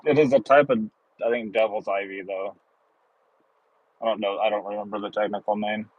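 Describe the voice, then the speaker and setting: A man's voice: lowish voice, steady tone, quick pace, no echo, phone-quality sound. A man livestreaming while he drives deliveries, chatting casually with viewers and joking at his own expense. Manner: easygoing, chatty, jokes at himself. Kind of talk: casual live chat, answering viewers' comments. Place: in a car while driving.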